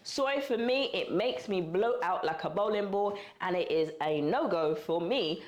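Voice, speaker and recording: A woman from the UK talking casually to camera in a cooking vlog, chatty and animated, calling viewers girl and baby. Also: lowish voice, unhurried. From United Kingdom. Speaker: vlogger. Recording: roomy echo.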